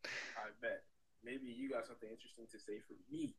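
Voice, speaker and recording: Terse stranger, bright husky voice, dry. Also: male voice, mid-range voice, big pitch swings, a little fast, no room sound. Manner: terse, mumbled replies. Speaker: video chat stranger. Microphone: video call.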